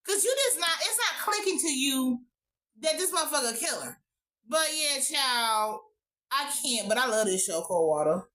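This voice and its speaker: A woman recapping a TV episode in a casual vlog, animated, slangy and profane. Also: sits high, normal speed. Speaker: TV show reviewer.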